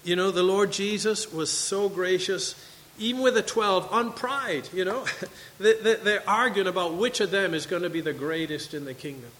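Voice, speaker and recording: A man's voice: high-pitched, normal speed, fairly bright tone, long reverb tail, rough recording. A man preaching a sermon to his congregation, reading scripture and asking questions. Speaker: pastor. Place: church sanctuary.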